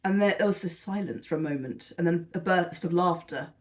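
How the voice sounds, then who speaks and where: A woman's voice: fairly low pitch, brisk, darkish tone. A British woman vlogger talking casually through a haul video, rambling, gushing and poking fun at herself, a little tired. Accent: British English. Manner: rambling, self-deprecating and gushing. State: tired and lethargic.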